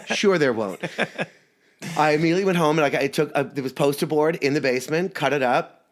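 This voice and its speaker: Playful, campy man, slightly high voice. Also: quick pace. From Staten Island, New York. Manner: playful, campy, laughs often. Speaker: podcast guest. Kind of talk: casual chat.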